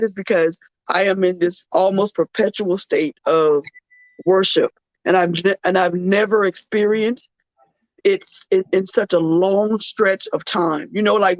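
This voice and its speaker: Tired, halting woman talk host. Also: mid-range voice, no room sound, muffled recording. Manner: halting, many restarts and fillers. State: tired and close to tears. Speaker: radio show host. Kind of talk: emotional faith-based talk.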